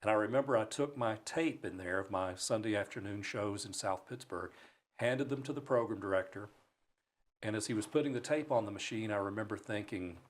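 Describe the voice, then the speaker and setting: Guest spot: man from Alabama, lowish voice, animated self-mocking storyteller in a studio. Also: fairly quick. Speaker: broadcaster guest. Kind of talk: storytelling in a talk show interview. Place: radio studio.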